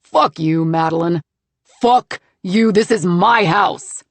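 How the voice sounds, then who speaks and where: A woman voicing an enraged adult man who shouts and snarls at his wife. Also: on the low side, slow pace, dry recording. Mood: snarling. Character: furious swearing adult male rancher husband.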